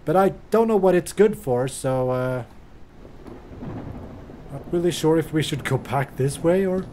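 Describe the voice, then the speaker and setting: A man streaming a horror game, talking slowly and casually with a slightly high voice. He reacts aloud as he plays, chatty and prone to swearing. Faint noise sits under him. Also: dark tone. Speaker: gaming streamer. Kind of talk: horror game let's play commentary.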